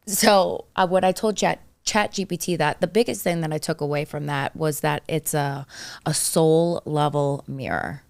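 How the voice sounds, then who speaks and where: Low, gravelly-voiced woman telling stories. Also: no echo. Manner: animated storytelling, acts out quoted voices, many likes. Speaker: podcast co-host. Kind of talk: casual chat.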